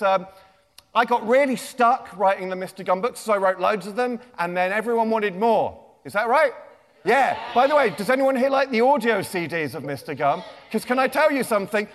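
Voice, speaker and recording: A high-voiced man talks in a jokey, chatty way to a young crowd. He is a children's author giving a live comic talk. His voice rings out with a long reverb in a big lecture theatre.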